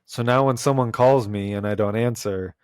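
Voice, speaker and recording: A man's voice: lowish voice, moderate pace, smooth, no echo. Jokey young man, dry close sound. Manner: jokey, laughs often. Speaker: podcast co-host. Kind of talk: casual chat.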